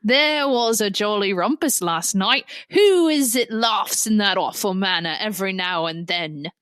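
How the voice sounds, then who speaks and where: A woman's voice: mid-range voice, expressive, unhurried, a bit bright, smooth, no echo. A woman voicing a nosy, gossipy male servant in an exaggerated put-on accent, reading a play on a podcast with pompous, prying monologues.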